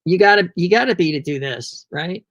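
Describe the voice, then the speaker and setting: A man's voice: high voice, expressive, brisk, a bit bright, no echo, dull audio. A man performing an agitated, profane comic rant alone at home into his laptop on a video call. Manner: agitated, profane, ranting to the camera. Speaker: monologue performer.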